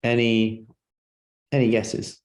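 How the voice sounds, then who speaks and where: A man's voice: lowish voice, completely flat delivery, slow, a little mellow. A man leading a live seminar as a personal trainer, talking conversationally and often asking the audience questions.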